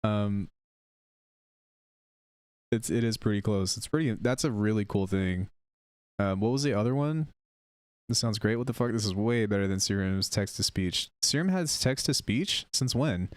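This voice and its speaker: A male music producer on a casual live stream, chatting with viewers while demoing software, rambling and unsure of himself. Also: on the low side, moderate pace, long pauses, smooth, no echo.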